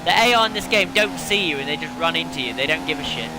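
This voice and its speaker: A male gaming channel host rants and swears in frustration during a racing game video. His fairly high voice is animated and quick, with game engine noise from racing cars behind him.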